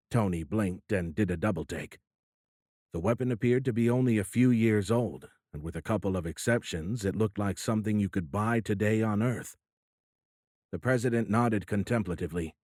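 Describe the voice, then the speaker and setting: A middle-aged man reads the novel aloud with a low voice and even pacing. The sound is dry and close, with no room around it. His manner is steady and unhurried. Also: no room sound. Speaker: audiobook narrator. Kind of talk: scripted narration.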